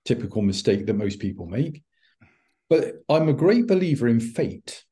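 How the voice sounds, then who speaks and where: Lively man telling a story. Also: medium pitch, normal speed. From United Kingdom. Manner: animated, acts out quoted dialogue. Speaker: podcast guest, hypnotherapist. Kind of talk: anecdotal storytelling.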